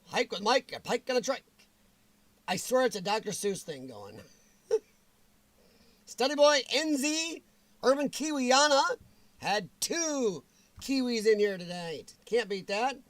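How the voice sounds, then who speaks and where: A man's voice: high voice, sing-song, normal speed, long pauses, no room sound. A man hosting a livestream in casual chat, greeting viewers by name and laughing often, his voice strained and weakened. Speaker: livestream host.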